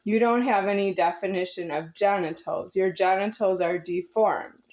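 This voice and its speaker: A vlogger in her forties delivers a rambling, confrontational spiritual monologue to her viewers, repeating herself with intensity. Her voice sits at a medium pitch, a little mellow, at a moderate pace.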